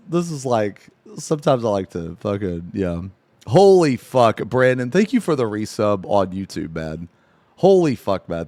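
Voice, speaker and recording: Animated, profane male streamer, dry sound. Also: medium pitch, no echo. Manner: profane, laughing, animated storytelling. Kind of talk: casual live-stream reaction chat.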